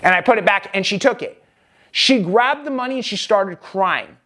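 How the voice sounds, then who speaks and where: Vlogger, male, high register; emphatic, rambling first-person storytelling with restarts. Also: animated, moderate pace, pushed and bright.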